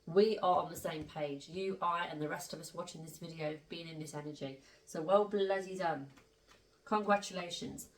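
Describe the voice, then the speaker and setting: A chatty woman gives a tarot reading in a loose, rambling way, leaning hard on her points. Her voice sits a little low and sounds roomy, picked up from some distance off the mic. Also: normal speed. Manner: chatty, emphatic, rambling with asides. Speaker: tarot reader. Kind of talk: casual spiritual tarot reading.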